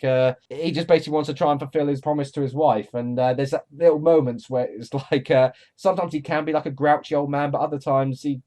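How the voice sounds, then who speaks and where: Fast-talking enthusiastic man. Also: on the high side, a little mellow. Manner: enthusiastic, rambling with many fillers and restarts. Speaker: co-host reviewing films. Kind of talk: casual film review chat.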